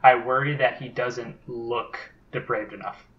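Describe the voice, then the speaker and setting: A man co-hosting a casual podcast, trading dry, quick quips. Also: mid-range voice, fairly even intonation, dull audio. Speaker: podcast co-host.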